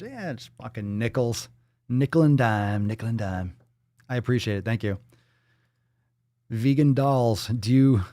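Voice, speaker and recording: A man's voice: lowish voice, mellow, no room sound, clean studio sound. A man hosting a livestream, reading out viewer donations and messages in casual, profane chat full of jokes and riffs. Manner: joking, profane and riffing off-the-cuff. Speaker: livestream host.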